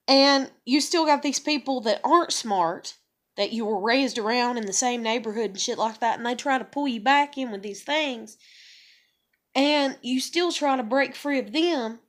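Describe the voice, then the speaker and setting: A woman's voice: on the high side, a bit bright. A young woman vlogging an emotional, profane monologue, ranting with frequent sighs and sounding upset and bitter. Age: young adult.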